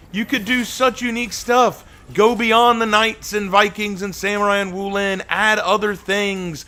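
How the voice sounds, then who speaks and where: A male game streamer in the middle of a live-stream rant, his voice sitting a little high with a bright, forceful edge. He keeps circling back to his points with sarcastic repetition, clearly exasperated, and the heat keeps building.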